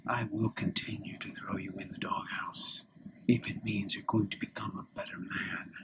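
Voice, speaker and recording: A man voicing a stern, moralizing middle-aged father who lectures in a hushed, often whispery voice, in a solo improvised comedy scene. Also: lowish voice, level tone, normal speed, lightly acted, poor audio.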